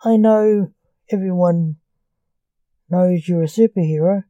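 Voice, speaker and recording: A woman's voice: fairly low pitch, slow, no room sound, dull audio. Woman doing a menacing male blackmailer. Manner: curt, dark, threatening. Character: man, menacing blackmailing phone caller.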